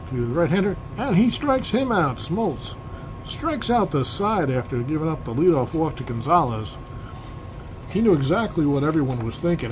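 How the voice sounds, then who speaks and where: A man giving broadcaster-style play-by-play of a tabletop baseball game, with asides about his dice rolls. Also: mid-range voice. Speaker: replay host and play-by-play announcer. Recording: air-conditioning hum in the background.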